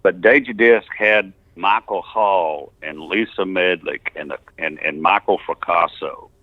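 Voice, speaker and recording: Low-voiced older man on a phone line. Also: unhurried, no room sound. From Texas. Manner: rambling anecdotes with chuckles and restarts. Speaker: musician telling his story. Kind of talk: casual interview storytelling. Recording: tinny phone-line interview.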